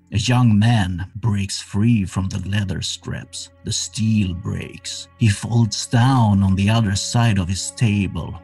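Slow gravelly man narrating horror. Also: a little mellow. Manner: slow, low and gravelly, with non-native grammar slips. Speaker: game master. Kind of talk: narrating a horror tabletop game.

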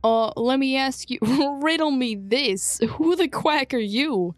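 Brief: woman player, playful and teasing, fairly high voice, dry sound, soft music behind. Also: takes it slowly, no room sound. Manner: playful, joking, laughs often. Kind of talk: casual tabletop game play.

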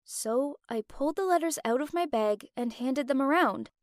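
A young woman narrates a first-person drama with expressive, emotional delivery. Her voice is high and the recording is close and dry. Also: moderate pace, no room sound. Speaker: storyteller.

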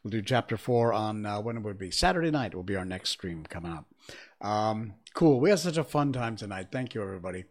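Male streamer, chatty and animated, reads storybook aloud, lively pitch. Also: fairly quick. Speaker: livestream host and reader. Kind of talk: casual storybook reading on a livestream.

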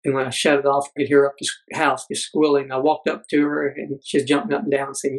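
A middle-aged man, a podcast guest, telling a personal story earnestly, halting with many fillers. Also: fairly high pitch, completely flat delivery, low-quality recording.

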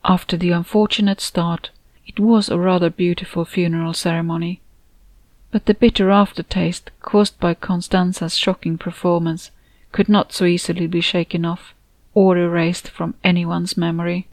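A woman reading her own novel aloud in steady, descriptive audiobook narration. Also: lowish voice, normal speed, dry recording. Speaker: author and narrator.

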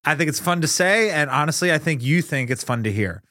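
Lively, teasing man co-host. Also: on the high side, brisk, no room sound, studio quality. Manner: wry, teasing interjections. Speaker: podcast co-host. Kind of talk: casual comedy podcast chat.

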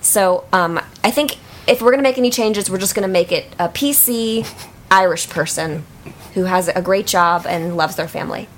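A woman improvising a comedy scene, hesitant and flustered, with many pauses and ums. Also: fairly low pitch, a little hiss or hum. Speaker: improv performer. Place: small theater stage.

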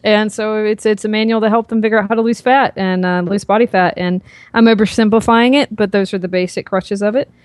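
A woman with a softened Southern US accent, talking as a guest on a podcast, rambling with many fillers and restarts. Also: mid-range voice, steady tone, fairly quick, no room sound. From American South. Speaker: guest, author and fitness coach. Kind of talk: casual podcast interview. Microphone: podcast microphone.

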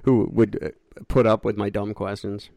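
A man co-hosting a podcast in casual chat, joking and riffing with quick put-on voices and swearing. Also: fairly low pitch, little pitch movement, gravelly, mellow, no echo, clean studio sound. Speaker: podcast co-host.

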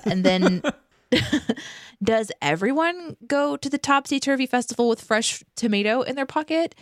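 A woman chatting on a podcast, animated and giggly. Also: a little high, no room sound, clean studio sound. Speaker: podcast guest. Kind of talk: casual chat.

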